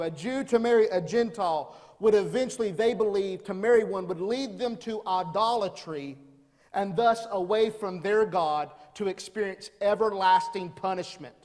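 A man's voice: high voice, normal speed, darkish tone, long reverb tail. A man preaching a sermon as pastor, building emphasis with rhetorical questions. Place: church.

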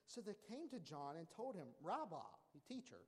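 Animated preacher in a reverberant hall. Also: male voice, fairly quick. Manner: emphatic, animated, drops to a hushed low voice for weight. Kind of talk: sermon.

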